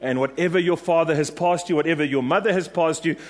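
A man with a slightly high voice speaks quickly as he preaches a sermon. He is emphatic and repetitive, rallying his congregation with questions and refrains. The recording carries the long reverb of a large hall.

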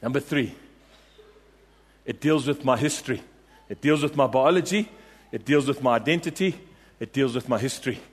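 Impassioned preacher in a reverberant hall. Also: male voice, medium pitch, moderate pace, pauses often, husky. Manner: emphatic, repetitive, rallying the congregation. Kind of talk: sermon. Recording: long reverb of a large hall.

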